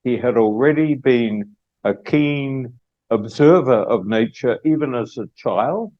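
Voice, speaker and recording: An Australian man giving a public lecture as guest speaker, unhurried and with many hesitations. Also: medium pitch, dull audio.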